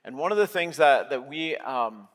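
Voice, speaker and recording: A man's voice: mid-range voice, lively intonation, normal speed, fairly bright tone. A middle-aged man, a lead pastor, giving a sermon in a conversational way with many filler words. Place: church sanctuary. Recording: long hall reverb.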